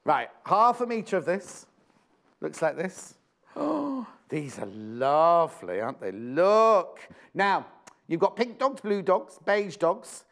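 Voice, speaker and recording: British TV shopping host, lively up-and-down delivery, chatty, keeps repeating himself. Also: male voice, high-pitched, takes it slowly. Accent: British English. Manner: chatty, exclamatory, repeats prices and phrases. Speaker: shopping channel presenter. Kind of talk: live TV sales presentation.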